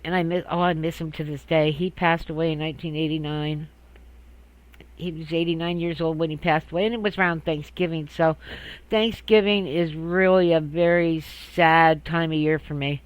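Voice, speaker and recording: A man's voice: a little high, little pitch movement, normal speed, smooth, poor audio. An older man telling a childhood memory in a rambling, casual way, laughing often and restarting his sentences. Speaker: storyteller. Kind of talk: casual personal storytelling.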